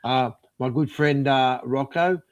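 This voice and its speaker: A man's voice: medium pitch, takes it slowly, over a noisy crowd. A man with a mid-range voice talks through his pet peeves in a casual podcast chat. He stumbles over fillers and restarts, then presses his complaints with exasperation. The sound is muffled and lo-fi. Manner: hesitant, many fillers and restarts, building to exasperation. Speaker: podcast co-host. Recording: dull lo-fi recording.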